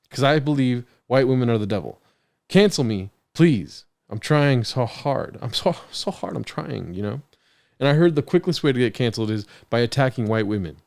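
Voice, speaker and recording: A man's voice: mid-range voice, a little mellow, clean tone, dry recording. A man hosting a solo podcast, talking into a studio mic in a wandering, self-deprecating, joking way. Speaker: podcast host. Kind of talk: rambling solo podcast monologue. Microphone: studio podcast mic on an arm.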